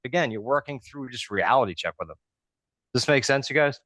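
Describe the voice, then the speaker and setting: A man's voice: medium pitch, animated, a little fast, a bit bright, dry recording. Conversational man hosting a coaching call. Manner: conversational, explains step by step. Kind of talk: coaching on a live group call.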